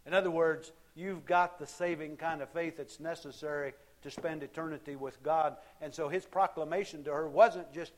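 A man's voice: fairly high pitch, fairly even intonation, normal speed. Man preaching a conversational sermon. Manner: conversational preaching with rhetorical questions. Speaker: pastor.

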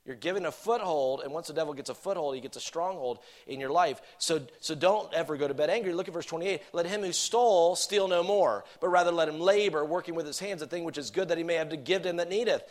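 A man's voice: quick pace, few pauses. Preacher man with big dynamic swings. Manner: swings between emphatic loud points and soft low asides; reads scripture verses then explains them. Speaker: pastor. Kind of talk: sermon.

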